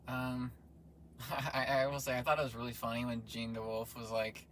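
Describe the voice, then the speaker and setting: A man's voice: medium pitch, little pitch movement, normal speed, fairly bright tone, a little hiss or hum. A man in casual chat, co-hosting and teasing his partner with jokes. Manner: teasing, joking. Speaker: co-host.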